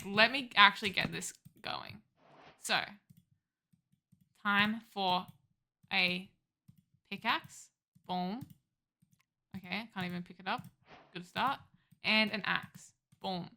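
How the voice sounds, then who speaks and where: A woman's voice: medium pitch, creaky, bright, forceful tone. A woman giving casual gameplay commentary as a streamer, chatty and self-mocking as she talks to her viewers. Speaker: game streamer.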